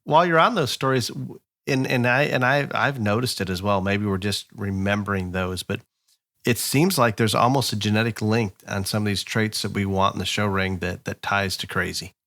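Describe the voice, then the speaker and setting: A low male voice with a gravelly edge and a bright, forceful tone, talking in a relaxed chat. He mostly laughs along and chimes in, then thinks aloud when he takes the floor. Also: moderate pace. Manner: laughs along, reacts briefly, then muses at length. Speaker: podcast co-host. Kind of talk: casual chat.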